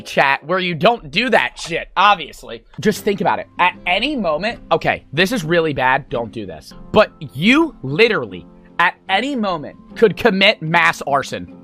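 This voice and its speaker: A man's voice: high-pitched, pushed and bright. A young man streaming, telling a rambling, profane story to his chat. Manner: rambling, profane, full of fillers.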